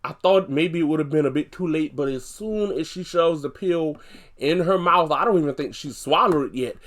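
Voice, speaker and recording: A man's voice: on the high side, normal speed. Guy doing a casual tv episode recap, rambly with lots of ums, gets worked up at the big moments. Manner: chatty, fillers, gets animated retelling scenes.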